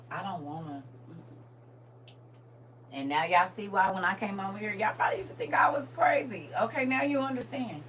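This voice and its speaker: A woman giving casual spiritual advice in a folksy way, calling listeners baby and honey, shifting from hushed asides to loud emphatic bursts. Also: mid-range voice, unhurried, long pauses, a little hiss or hum. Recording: voice a bit distant from the mic.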